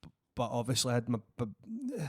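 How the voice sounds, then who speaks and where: Scottish podcast co-host, rambly and encouraging, dry close mic. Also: male voice, medium pitch, fairly even intonation, normal speed, no room sound. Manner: rambling, restarts a lot, encouraging. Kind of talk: casual chat.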